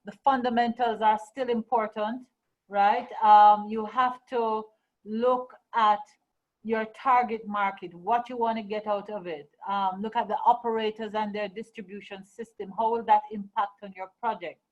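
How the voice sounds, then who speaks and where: A woman's voice: medium pitch, fairly even intonation, moderate pace. A woman moderating a webinar over a video call, summarizing the session in an upbeat way. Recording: dull lo-fi video call audio.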